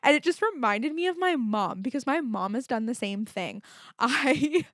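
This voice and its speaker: A woman's voice: high voice, lively intonation, moderate pace, fairly bright tone, dry recording, clean studio sound. Chatty young woman, candid podcast talk. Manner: chatty and candid, lots of "like" and swearing. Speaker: podcast host. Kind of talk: casual solo podcast chat.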